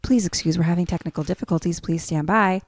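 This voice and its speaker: A woman as a hurried flat TV announcer. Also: on the low side, no echo, studio quality, lightly acted. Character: flat TV announcer reading a standby notice.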